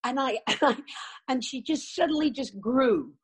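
An older woman recounts her acting career with lively, animated storytelling. Her voice sits a touch high and carries a husky, breathy edge. She slips into little acted voices when she quotes people. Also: moderate pace. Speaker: actress. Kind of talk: interview chat.

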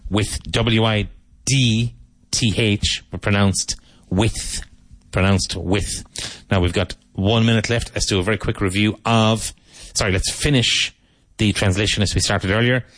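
A man teaching English vocabulary, saying each word slowly, repeating it and spelling it out, with tips on pronunciation. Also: on the low side, fairly even intonation, a bit bright, dry recording. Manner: slow, deliberate, repeats and spells out words.

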